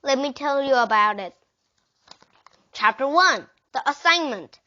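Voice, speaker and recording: Brief: woman, expressive children's book read-aloud, lo-fi sound. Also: high-pitched, unhurried. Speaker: reader. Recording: dull lo-fi recording.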